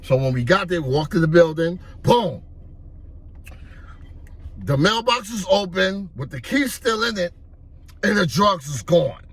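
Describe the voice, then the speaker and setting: A man's voice: high voice, lively intonation, measured pace, long pauses, fairly bright tone, breathy edge. A man telling a story in loose, streetwise casual talk. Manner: loose, streetwise, repeats "you know what I mean". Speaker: vlogger.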